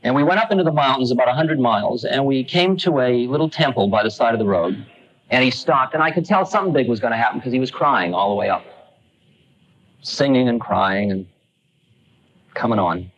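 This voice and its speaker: A man's voice: medium pitch, lively intonation, a little fast, lo-fi sound. A man in his thirties from the United States, giving a lecture as a wry, conversational storyteller in a 1969 recording. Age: 30s.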